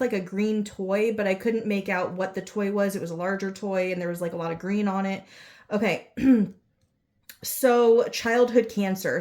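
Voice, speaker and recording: A woman's voice: medium pitch, darkish tone. A woman giving a casual psychic reading, rambling and unsure, full of fillers and self-corrections. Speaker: psychic reader. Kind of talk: casual spoken channelling reading.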